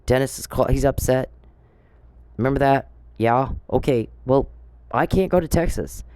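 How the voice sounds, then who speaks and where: Speaking at a moderate pace, a middle-aged female vlogger delivers a sarcastic, confrontational rant to camera, cursing and throwing out rhetorical questions. Her voice is a rumbling low, mellow and clean-toned, and the recording is dry.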